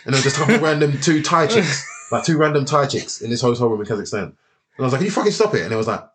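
A man's voice: medium pitch, racing, slight background noise. A man telling fight stories in a casual chat, swearing freely and acting out the voices of the people in them. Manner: animated, swears a lot, acts out voices.

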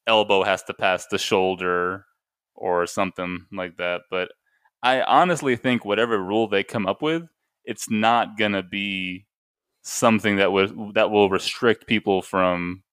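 A man's voice: lowish voice, fairly even intonation, measured pace, fairly bright tone, smooth, no room sound, clean studio sound. A man co-hosting a podcast, talking casually with rambling, joking restarts. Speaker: podcast co-host. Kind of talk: casual chat.

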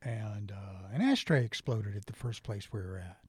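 A man's voice: fairly low pitch, expressive, moderate pace, husky, no echo, clean studio sound. A man with an Irish accent, an interview guest telling rambling stories in casual chat and laughing often.

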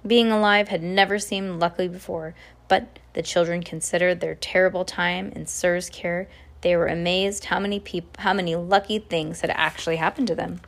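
Woman reading a novel aloud, slightly low voice. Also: fairly even intonation, normal speed. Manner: unpolished reading with frequent slips and restarts. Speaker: audiobook reader. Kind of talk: casual read-aloud of a novel.

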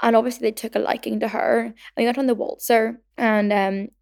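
A woman's voice: a little high, flat delivery, fairly quick, creaky, a little mellow. A woman in her twenties with a Belfast accent, hosting a podcast in a chatty way, packing her talk with "like" and acting out the quotes in her stories. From Northern Ireland. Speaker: podcast host. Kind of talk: casual chat.

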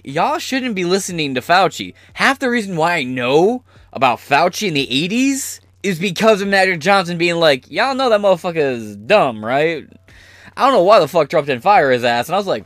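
Male podcast host, sarcastic profane rant, mid-pitched voice, dry close mic. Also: a bit bright, dry recording. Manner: profane, sarcastic, fast rambling. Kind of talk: ranting political commentary podcast.

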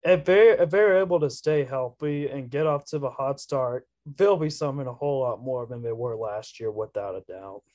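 A man's voice: medium pitch, normal speed, few pauses, a little mellow, no room sound, clean studio sound. A man co-hosting a casual college sports podcast, laid-back as he reads out his prepared predictions. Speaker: podcast co-host.

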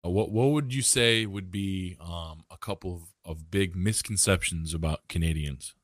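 A man's voice: sits low, moderate pace, no room sound, studio quality. An American man hosting a casual interview, laid-back and asking questions, calling people "man" and "dude". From United States. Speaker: podcast host.

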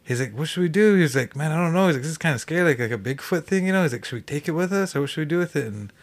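Guy rattling off a story real fast, tons of "like"s, chill podcast guest. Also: a little high, expressive. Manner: fast rambling with many "like" fillers. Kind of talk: casual storytelling.

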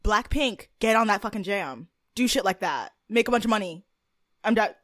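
A woman's voice: mid-range voice, lively intonation, normal speed, fairly bright tone. A woman co-hosting a podcast, chatting casually about a TV show, bubbly, laughing often and swearing casually. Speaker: podcast co-host. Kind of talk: casual chat recapping a TV show.

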